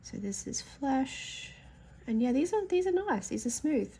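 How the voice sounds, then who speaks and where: An adult colouring YouTuber, a woman with a stuffy, nasal voice from hay fever, chats frankly and thinks aloud while swatching pencils for a casual vlog. Her voice sits high, very animated, mellow and a little slow, with slight hiss or hum in the background.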